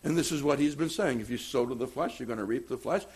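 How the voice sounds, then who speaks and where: A man preaching a sermon as pastor, swinging between loud emphatic stress and quiet asides. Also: mid-range voice, fast talker, breathy edge.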